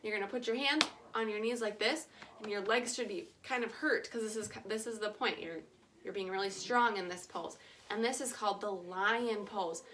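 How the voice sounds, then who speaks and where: Here a kids' yoga teacher, a young woman, speaks at medium pitch and normal speed with some background noise behind her. Her guidance is playful, encouraging and pitched simply for children.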